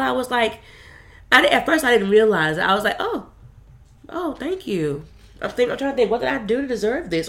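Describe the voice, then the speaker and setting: A woman talks straight to her audience in a frank, unscripted monologue. Her delivery is blunt and full of swearing, rising into loud outbursts and then dropping to quiet, subdued stretches. She restarts her sentences often and addresses her listeners as y'all. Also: on the high side. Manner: blunt and profane, with emotional swings between loud and quiet. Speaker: vlogger sharing a personal story. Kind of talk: candid personal monologue.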